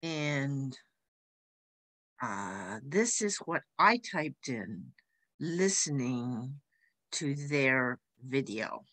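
Hesitant woman class host, slow, mid-pitched, dry close recording. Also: very animated, fairly bright tone, no room sound, low-quality recording. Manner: hesitant, with many fillers and restarts. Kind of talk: casual spoken introduction.

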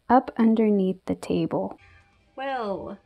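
A woman vlogging about her pet tarantula, talking softly and breathlessly with lots of fillers. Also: mid-range voice. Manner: breathless and emotional, soft-spoken with frequent fillers. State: out of breath from excitement. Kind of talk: excited casual vlog narration.

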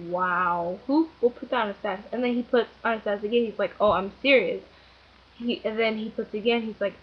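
A woman's voice: mid-range voice, slightly rough, dull audio. A young woman telling a story casually, rambling and giggly, with many fillers. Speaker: vlogger.

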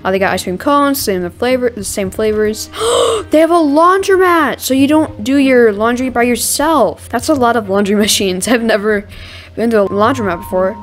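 An excitable young woman talks through her gameplay in a casual, chatty way, gasping at new things and restarting her sentences. Her voice sits a little high, with soft music playing underneath. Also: normal speed. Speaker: gaming channel host.

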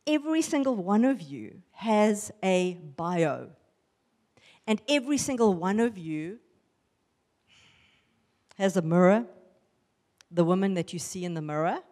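A woman giving a lively testimony sermon to a women's church gathering, acting out the voices in her stories. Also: medium pitch, unhurried, pauses often, big-room sound. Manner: animated storytelling, acting out voices. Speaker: women's ministry speaker. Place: church hall.

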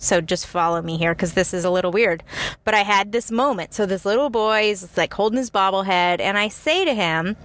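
A woman's voice: medium pitch, fairly quick. Chatty woman podcast host telling a story. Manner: chatty, animated, many asides to listener. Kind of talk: storytelling and self-help talk.

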